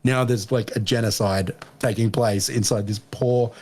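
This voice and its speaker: A man hosting a casual podcast chat, an animated storyteller who swears and laughs a lot. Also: lowish voice, normal speed. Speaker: podcast host.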